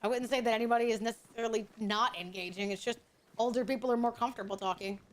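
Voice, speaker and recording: A woman's voice: a little high, steady tone, fast. A woman streamer chatting casually with her viewers, rambling and thinking aloud. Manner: chatty, rambling, talks to chat. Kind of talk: casual livestream chat.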